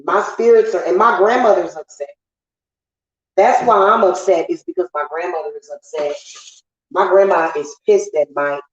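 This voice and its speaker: Woman, casual livestream chat, blunt and cursing, lowish voice, roomy slightly dull sound. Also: normal speed. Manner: profane, blunt venting to viewers. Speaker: witch livestream host.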